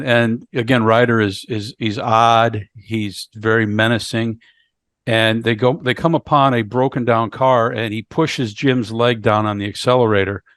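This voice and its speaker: A man's voice: on the low side, fairly bright tone, no room sound. Man recapping a movie, dry close mic. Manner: halting, repeats words while recapping the plot. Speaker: podcast co-host. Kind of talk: casual movie review chat.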